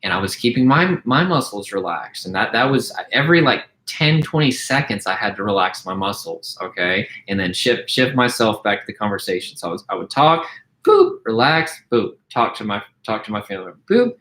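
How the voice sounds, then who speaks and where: A man teaching course members about calming anxiety in a loose, unscripted talk. He speaks earnestly, repeats and restarts words, and keeps checking in with "okay?". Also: lowish voice, brisk, low-quality recording. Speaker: anxiety recovery coach. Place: home, mowing heard outside.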